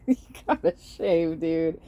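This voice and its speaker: Low-voiced woman reacting to clips. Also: slow pace. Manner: profane, animated, laughs often. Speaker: host reacting to videos. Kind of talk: casual reaction commentary.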